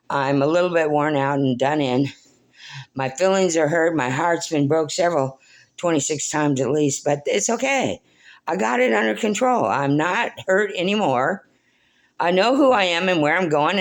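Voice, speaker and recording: A woman's voice: deep voice, normal speed. An older woman from Oregon talking into her phone, rambling through an emotional spiritual monologue. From Portland, Oregon. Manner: emotional, preachy, swings between soft and loud; talks baby-talk to her dog. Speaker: vlogger.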